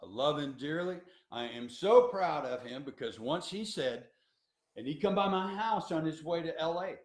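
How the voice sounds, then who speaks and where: A man's voice: fairly high pitch, expressive, moderate pace. A man who works as a tour coordinator gives an educational talk to students, in a folksy, emphatic storytelling style full of restarts. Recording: roomy echo.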